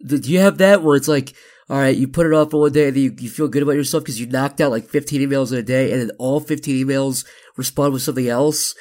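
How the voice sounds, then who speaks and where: A man's voice: mid-range voice, steady tone, fast, darkish tone. A man guesting on a podcast, chatting casually and riffing in a rambling, profane, comic way. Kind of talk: casual chat.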